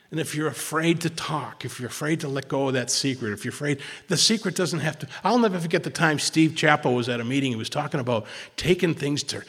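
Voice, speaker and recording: At a twelve-step recovery meeting, a man tells personal stories in a rambling way, restarting often and acting out what people said. His voice is medium-pitched, fairly bright, and slightly rough, with a big-room sound.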